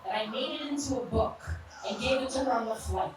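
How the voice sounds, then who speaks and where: A woman's voice: high voice, fast talker, very echoey, far from the mic, heavy background noise. A woman in her thirties performing a brash, punchy stand-up set in a live comedy club. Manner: brash, punchy storytelling with crude jokes.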